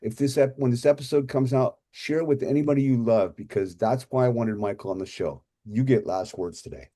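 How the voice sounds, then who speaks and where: A man's voice: mid-range voice, brisk, mellow. A man hosting a podcast, speaking earnestly and affectionately to his guest and listeners. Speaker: podcast host. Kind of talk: casual podcast chat.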